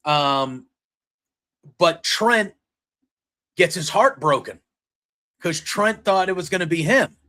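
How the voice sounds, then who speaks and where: A man hosting a wrestling podcast recaps a show in a casual, rambling way, full of fillers and quoted lines. His high-sitting voice is expressive and sharp in tone, and he speaks slowly with long pauses.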